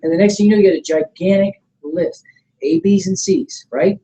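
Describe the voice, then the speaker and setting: Man, middle-aged, sales trainer, motivational seminar, mellow tone, coaching manner, checks in with listeners. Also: moderate pace, slight background noise, rough recording. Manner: energetic and coaching, often checks in with the room; acts out sample sales pitches in a calmer voice. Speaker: network marketing trainer.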